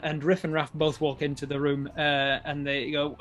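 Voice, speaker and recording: A man's voice: on the high side, fairly even intonation, normal speed, few pauses, faint music behind. A man with an Australian accent running a tabletop game as dungeon master, narrating with frequent laughs. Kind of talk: game narration for a live stream.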